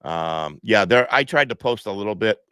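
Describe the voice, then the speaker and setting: A man's voice: on the low side, expressive, moderate pace, sharp tone, clean tone, dry recording. A man hosting a live stream from home, stuffed up, talking in a preachy, repetitive way and reading viewer comments aloud.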